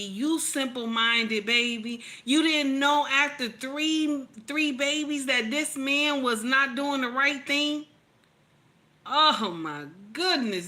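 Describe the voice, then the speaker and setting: Woman, streamer, casual commentary, bright tone, blunt, profane. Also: medium pitch. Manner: blunt, profane, laughs often, reads chat aloud. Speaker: commentator reacting to a clip.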